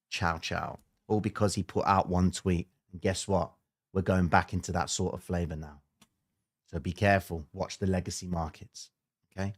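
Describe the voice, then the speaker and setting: A man's voice: low voice, fairly bright tone. A man hosting a trading livestream, talking casually and emphatically to his viewers with slangy asides.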